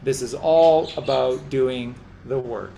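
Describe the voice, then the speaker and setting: A man's voice: mid-range voice, slow pace, vocal fry, dark tone, slight background noise. A man hosting a podcast, giving impassioned religious commentary in a preachy, repetitive way as he exhorts his listeners. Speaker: podcast host.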